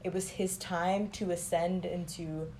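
A woman's voice: lowish voice, steady tone, measured pace, warm tone, slight background noise. A young woman telling family stories in casual chat, rambling with many filler words.

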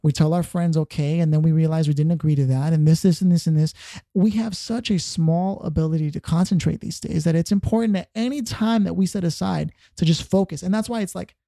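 A man's voice: a little high, brisk, vocal fry, mellow, no room sound, studio quality. A man hosting a podcast, chatting casually and speaking with conviction. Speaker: podcast host.

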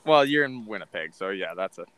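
A man's voice: on the low side, expressive, brisk, fairly bright tone, smooth, no echo. A man hosting a casual chat, teasing and chatty, asking curious questions. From Canada. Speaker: host.

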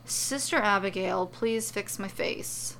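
A woman's voice: medium pitch, normal speed, fairly bright tone, a little hiss or hum, close to an everyday voice, rough recording. A woman voicing a wounded, whiny young male villain who demands and pleads.

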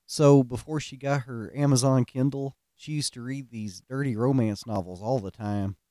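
A man's voice: medium pitch, moderate pace, mellow, no echo, clean studio sound. A middle-aged man, telling stories in a folksy, self-mocking way and laughing at his own pranks. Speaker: podcast host. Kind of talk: casual storytelling monologue.

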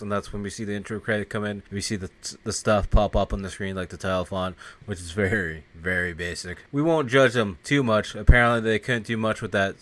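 A man's voice: mid-range voice, a bit bright. A man hosting a film review podcast, chatting casually and sarcastically, swearing now and then and acting out scenes. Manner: rambling, sarcastic, swears, acts out lines in silly voices. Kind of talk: casual chat.

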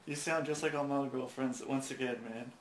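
A man in a casual podcast chat, rambling in halting bursts and joking about himself. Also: mid-range voice, steady tone. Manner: rambling, halting, quick to joke. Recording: echoey room with faint background noise.

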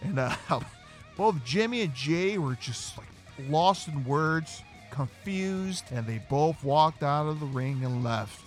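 Animated male podcast host, high expressive voice, faint music behind. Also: slow. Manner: animated, acts out quotes. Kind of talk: casual wrestling review.

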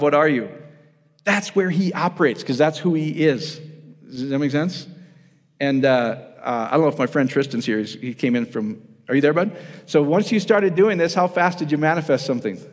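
A man preaching in a casual, conversational way, often asking his audience whether they follow him. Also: fairly high pitch. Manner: casual, asks the audience questions, addresses them as guys. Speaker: pastor. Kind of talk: conversational sermon. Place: church hall. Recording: reverberant hall.

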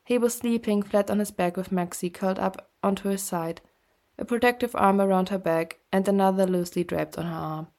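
A woman reading a fan fiction story aloud as scripted narration, in a gentle, steady storytelling manner. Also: medium pitch, a little fast. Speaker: podfic reader.

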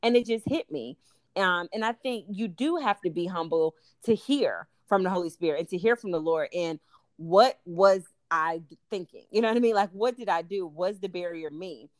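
A young adult woman, a podcast guest, telling her story in casual talk, animated and full of "you know" and "like". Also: on the low side, normal speed, dry recording. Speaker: podcast guest, law student. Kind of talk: casual faith interview.

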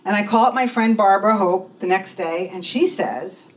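A woman's voice: mid-range voice, normal speed. A woman in her fifties giving a personal testimony at church, telling her story and acting out the voices of people she quotes. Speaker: church speaker and minister in training. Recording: voice from a distance in a room, faint noise.

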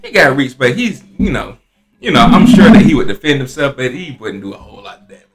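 A man's voice: fast, over loud music. A man with an Atlanta accent, a postal supervisor, telling a story in casual chat and acting out the people in it. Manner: animated, acts out quotes with big pitch jumps. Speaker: postal supervisor, guest co-host.

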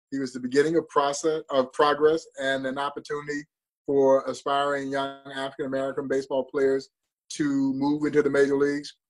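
Appearing as a baseball museum guest on a talk show, a medium-pitched man tells a story with passion and drama. The audio quality is poor.

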